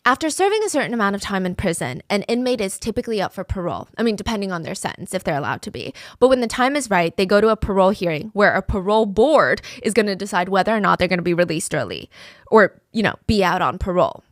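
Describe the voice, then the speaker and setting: A woman's voice: medium pitch, animated, quick pace, no echo, clean studio sound. A woman telling a true crime story in a casual, conversational way, with fillers like "like" and "I mean".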